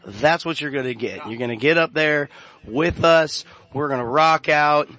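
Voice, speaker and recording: A man's voice: fairly high pitch, normal speed, bright, forceful tone, no echo. A man who plays in a karaoke band, a guest on live radio, talking playfully while he promotes the event. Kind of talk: casual live radio chat.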